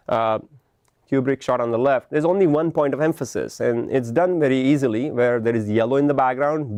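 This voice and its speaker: This lecturer has a mid-range voice with a darkish tone, captured in a dry, clean studio recording. Teaching a class on film composition, he walks through ideas patiently and tags his points with "right?".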